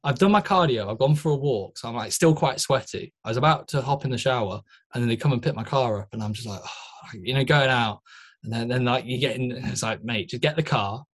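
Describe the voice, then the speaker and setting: A man's voice: mid-range voice, a little fast. A man, co-hosting a casual podcast and telling stories with frequent laughs. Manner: chatty storyteller, laughs often, says "mate". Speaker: podcast co-host, physique competitor.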